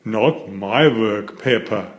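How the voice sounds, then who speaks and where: A man's voice: lowish voice, slow pace. A man reading a children's storybook aloud, voicing a cheerful, playful pig father with jolly enthusiasm.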